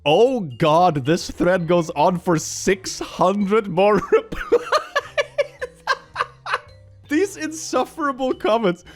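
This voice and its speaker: A man hosting a comedic reaction show, sarcastic and quick to laugh. His pitch bounces around a lot, with faint music playing underneath. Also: very animated. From Sweden. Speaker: YouTube host.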